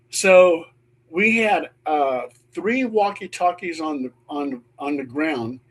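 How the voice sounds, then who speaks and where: Man, middle-aged, paranormal investigator, animated storyteller, slow delivery, slightly high voice. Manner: animated storyteller acting out quotes. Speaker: paranormal investigator and show host. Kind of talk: storytelling on a panel call.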